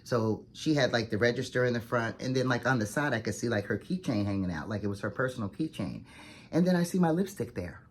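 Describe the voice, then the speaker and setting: Chatty, fast-talking woman vlogger. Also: very deep voice, a little hiss or hum. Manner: chatty, fast-talking, animated retelling with many "like"s. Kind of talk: casual storytelling to camera.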